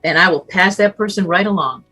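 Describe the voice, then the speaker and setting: A middle-aged woman, a longtime radio talk show host, speaking earnestly and warmly about being of service in a casual panel conversation. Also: lowish voice, brisk, breathy edge, soft background music. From Southern California. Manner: earnest, offering service, warm storytelling.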